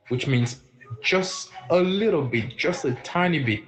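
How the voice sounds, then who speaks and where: A man's voice: a little high, expressive, over music, rough recording. Chatty man teaching French live. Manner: repeats words slowly and clearly, chatty, reacts to viewer comments. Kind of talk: live-streamed language lesson.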